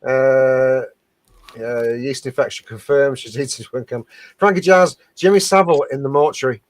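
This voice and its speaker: A man's voice: medium pitch, moderate pace. A man co-hosting a casual live stream, reading viewer comments aloud and laughing often. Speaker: co-host reading out viewer captions.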